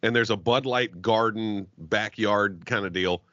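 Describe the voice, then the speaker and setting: A low-pitched man riffing crudely on a podcast, cursing constantly and breaking into laughter between half-finished sentences. His voice is close and dry with little room sound. The recording is a bit dull and muffled. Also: a little slow, sharp tone, dry recording. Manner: profane, joking, laughs often, trailing restarts. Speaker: podcast co-host. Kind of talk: crude comedic podcast banter.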